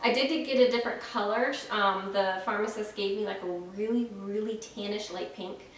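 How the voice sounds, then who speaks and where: A young woman from Florida chats frankly into a camera set back from her, filling pauses with ums and restarting her thoughts. She sounds dry-mouthed and slightly out of breath. The room is strongly echoey, with a faint hiss underneath. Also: medium pitch, steady tone, far from the mic. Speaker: vlogger. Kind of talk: casual pregnancy update vlog. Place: at home, indoors.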